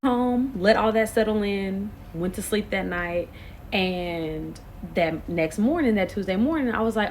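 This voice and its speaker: A woman in her late twenties telling a storytime to camera, animated and expressive, full of slang. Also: fairly low pitch, a little fast, slight background noise. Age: late 20s. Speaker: vlogger. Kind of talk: casual storytime.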